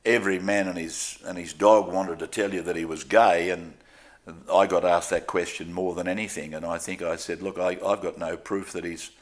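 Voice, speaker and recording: An older Australian man, a sports broadcaster, telling stories in a candid, self-deprecating way during a relaxed interview. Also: low voice, normal speed.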